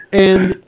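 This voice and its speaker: A man's voice: sits high, darkish tone, breathy edge. A man in casual conversation, laid-back, laughing often and swearing freely. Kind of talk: casual podcast chat.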